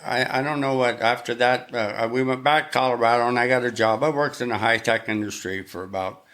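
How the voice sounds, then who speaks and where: A man's voice: medium pitch, fairly even intonation, brisk, a bit bright. An older man, a guest musician, telling anecdotes in a casual chat and acting out the voices of the people he quotes. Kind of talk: casual storytelling.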